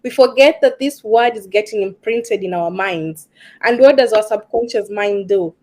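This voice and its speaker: A woman's voice: mid-range voice, normal speed, a little mellow. A woman with an East African accent, a stress management coach in a casual discussion, talking earnestly with some ums and repeated words for emphasis.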